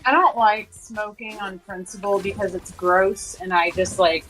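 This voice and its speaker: A woman chats casually with friends on a gaming stream. She speaks bluntly and teases the others at a medium pitch. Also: fairly even intonation, measured pace, a bit bright, soft background music, low-quality recording. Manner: blunt and teasing. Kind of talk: casual chat.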